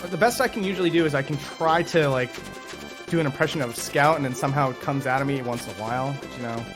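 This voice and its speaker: A man's voice: mid-range voice, fast talker, music in the background. A man from the Boston area, co-playing a game and bantering with a lot of laughter and self-deprecating remarks. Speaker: guest co-player. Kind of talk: casual chat while gaming.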